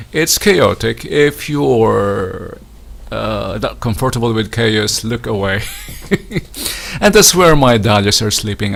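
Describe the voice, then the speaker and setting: A man from the Philippines casually walks through his winter garden outside, pausing often and restarting, with lots of fillers at a slow pace. His pitch is fairly low, and his voice carries vocal fry.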